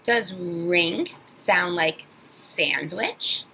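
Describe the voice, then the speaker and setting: Woman, phonics teacher, slow deliberate pace, gravelly breathy voice, lively sing-song pitch, sounds out words for kids. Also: slight background noise, rough recording. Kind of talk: children's phonics lesson.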